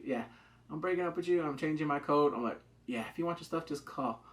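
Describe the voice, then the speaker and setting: Guy with a kinda high voice recapping a show, gets all hyped and does the characters' lines. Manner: excitable, acts out characters' lines in quick asides. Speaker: TV drama reviewer. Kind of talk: casual recap review.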